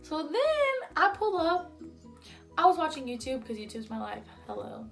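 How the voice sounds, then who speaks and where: Chatty young woman, slightly high voice. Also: wildly swooping pitch, moderate pace, soft background music. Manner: chatty, heated retelling full of "like". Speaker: vlogger. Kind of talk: storytime vlog.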